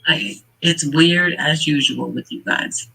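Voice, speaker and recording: A man talks through a true-crime case in casual commentary. His voice sits high and sounds bright and forceful. He gets worked up and emphatic, speaking straight to the people involved. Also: slow pace, creaky, slightly rough, poor audio. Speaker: channel host.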